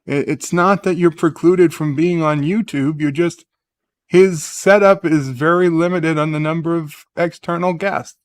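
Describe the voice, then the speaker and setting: Male stream host, rambling casual chat, slightly high voice, dry sound. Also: fairly even intonation, measured pace, dry recording. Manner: rambling, reads viewer comments aloud.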